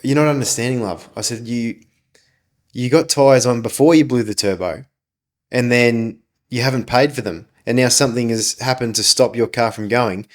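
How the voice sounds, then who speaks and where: A man's voice: mid-range voice, moderate pace. A man, co-hosting a casual business podcast, ranting and swearing freely as he tells stories. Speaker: podcast co-host, business owner.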